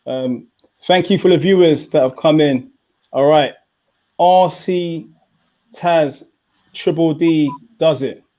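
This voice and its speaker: A man's voice: fairly high pitch, slow pace, long pauses, mellow. A man from England hosting a live boxing watchalong, chatting casually and reading out viewer comments. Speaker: host.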